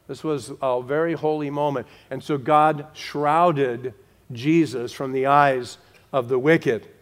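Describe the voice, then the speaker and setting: A man preaching a sermon to his congregation, slowing for emphasis and dropping to a hush on key words. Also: fairly high pitch. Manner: direct, talks to the congregation. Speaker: pastor.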